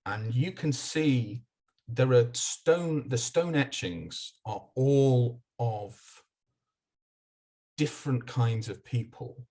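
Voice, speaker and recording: A man narrating as game master of a tabletop game, halting and restarting as he describes the scene. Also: medium pitch, warm tone. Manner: halting, with many restarts and fillers while describing.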